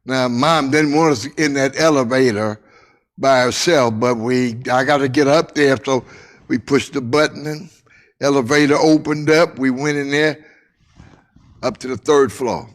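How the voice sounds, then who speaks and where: Older guy telling a story real slow, lots of pauses, goes quiet and soft at the tender bits. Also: medium pitch. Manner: slow, drawn-out telling with repeated phrases and dramatic pauses; drops to a hushed voice at tender moments. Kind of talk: personal storytelling.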